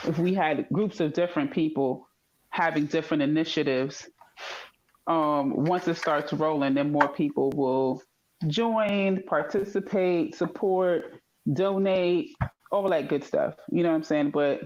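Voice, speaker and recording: A woman's voice: low-pitched, a little slow, a little mellow. Chatty American woman on a dull call line. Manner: chatty, lots of fillers, teasing. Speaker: panelist. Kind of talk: casual online group chat.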